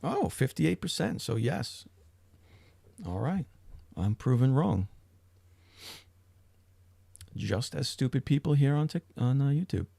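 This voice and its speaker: Taking it slowly with long pauses, this middle-aged livestream host has a mellow, creaky, sing-song voice at medium pitch. He rambles casually, swears, and keeps interrupting and restarting himself, with no room sound.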